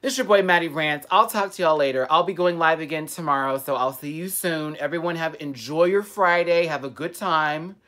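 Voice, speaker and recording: A man's voice: fairly high pitch, normal speed, few pauses. A man hosting a live stream, chatting casually and answering viewer comments with a sassy, playful manner. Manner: sassy, playful and animated, with frequent laughs.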